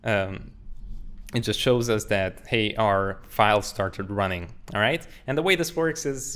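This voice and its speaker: A young man with a fairly low voice gives an upbeat coding lesson. He explains things casually and cracks small jokes while talking through what he types. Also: a little slow, fairly bright tone, clear, resonant tone. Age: 20s. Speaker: programming tutor. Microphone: studio condenser mic.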